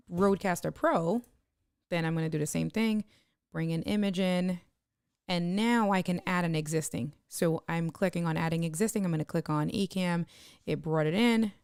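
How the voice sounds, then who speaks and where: A woman with a low, gravelly voice walks through streaming software in a loose live-stream tutorial. She thinks aloud as she works and drops in greetings to her viewers. The sound is close and dry, with no room echo. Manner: chatty, thinks aloud while clicking, greets viewers by name.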